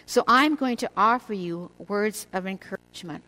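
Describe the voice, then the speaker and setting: A woman's voice: medium pitch, sharp tone, poor audio. Earnest older woman teaching scripture. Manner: measured, earnest, slows for emphasis. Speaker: women's Bible teacher. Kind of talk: devotional teaching to women.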